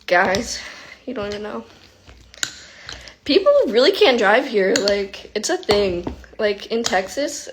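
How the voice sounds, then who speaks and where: A woman hosting a casual phone livestream, telling stories in an animated way and saying "like" and "literally" a lot. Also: mid-range voice, slow pace, long pauses, background noise. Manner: animated storytelling, heavy use of "like" and "literally". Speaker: vlogger hosting an Instagram live.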